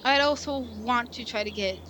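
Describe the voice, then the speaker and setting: A woman's voice: on the high side, normal speed, background noise. A woman reading a visual novel game aloud and rambling about it, with giggly, emotional reactions. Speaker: gaming video creator.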